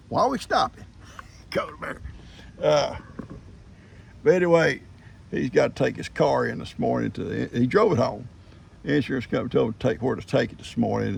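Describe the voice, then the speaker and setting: Older man, farm vlogger, heavy vocal fry, easygoing rambling chat, outdoors with faint background hum. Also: medium pitch, a little mellow. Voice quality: gravelly. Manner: folksy storyteller, chuckles often.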